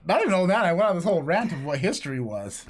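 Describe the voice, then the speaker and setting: A man's voice: high-pitched, sing-song, very fast, crowd noise. A middle-aged man hosting a podcast from his home, telling long, profane, rambling stories in casual chat. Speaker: podcast host. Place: home room apart from co-host.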